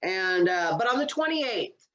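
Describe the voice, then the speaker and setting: A woman's voice: mid-range voice, sing-song, measured pace, a bit bright, dull audio. A woman co-hosting a comedy podcast, chatting casually and rambling with lots of fillers. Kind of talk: casual chat.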